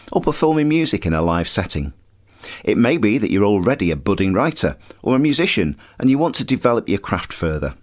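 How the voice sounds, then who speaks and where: A man hosting a mentoring podcast, presenting scripted links between clips in an upbeat way. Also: on the low side. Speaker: podcast host.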